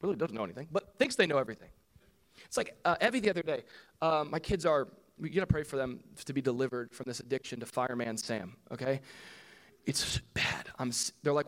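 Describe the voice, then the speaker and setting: Preaching quickly and with lively intonation, this thirty-something pastor keeps his sermon conversational in a fairly bright tone. When quoting others, he performs their voices with sharp leaps in pitch.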